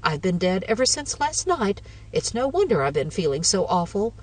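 A woman's voice: medium pitch, big pitch swings, moderate pace, distant mic. A woman voicing an eager, meddlesome older woman who gushes breathlessly about ghosts, in a storybook reading. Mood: smug. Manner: gushing, breathless, triumphant.

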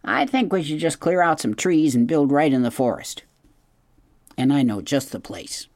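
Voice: mid-range voice, animated, moderate pace, darkish tone, no room sound, natural voice. A reader voicing a busy, fussy male beaver builder who talks in a chatty, bossy way in an audiobook. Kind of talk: audiobook character voice.

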